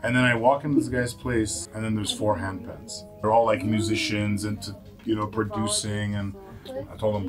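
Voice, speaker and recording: A man in his thirties, a musician from a Lebanese family, chatting in a relaxed, jokey way in his home studio. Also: fairly low pitch, normal speed, over music. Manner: laid-back, jokey, laughs easily. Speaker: musician, guest. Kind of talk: relaxed casual chat.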